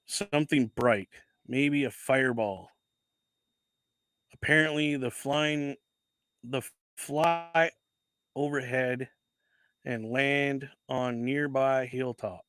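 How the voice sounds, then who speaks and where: Chatting over an unboxing on his casual livestream, this host rambles, backtracks and swears offhandedly into a desk mic. He speaks slowly with long pauses, in a medium-pitched, somewhat bright voice that sounds clean and echo-free.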